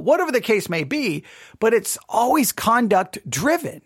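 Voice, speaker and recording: A man hosting a solo Bible teaching show, talking deliberately, repeating key phrases, and restarting sentences often. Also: very high voice, expressive, fairly bright tone, no room sound, clean studio sound.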